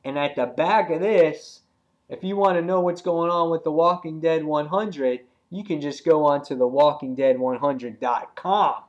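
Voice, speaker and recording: A man reviewing a comic book in casual talk, retelling scenes excitedly with many fillers and acting out the characters' lines. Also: on the high side, normal speed, highs cut off. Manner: loose and rambling, many fillers.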